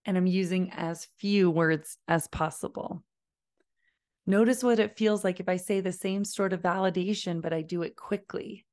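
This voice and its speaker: A woman giving a parenting lesson, talking in a calm, deliberate way and modeling slow, low phrases. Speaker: parenting educator. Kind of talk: instructional talk to camera.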